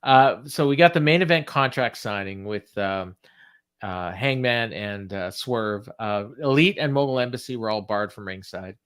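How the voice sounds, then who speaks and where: A podcast co-host recaps a show in casual chat, rambling with lots of fillers and reading quotes aloud. His voice is lowish, smooth, and fairly bright, at a moderate pace.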